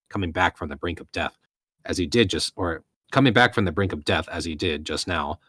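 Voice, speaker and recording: A man from Colorado reading a light novel aloud in steady narration, now and then correcting himself. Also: deep voice, no echo.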